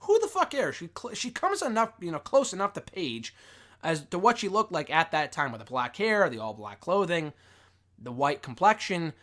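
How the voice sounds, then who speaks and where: A man's voice: a little high, big pitch swings, moderate pace, fairly bright tone. A man getting over a cold gives a casual, rambling film review as a wrestling show host, swearing freely and full of fillers. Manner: rambling, profane, lots of fillers and restarts. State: recovering from a cold.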